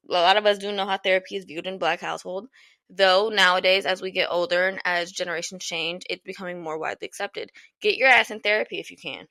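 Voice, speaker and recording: A woman's voice: lowish voice, pushed and bright, dry recording. A young woman hosting a podcast, giving casual advice in a blunt, emphatic way, swearing freely and repeating lines for emphasis. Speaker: podcast host.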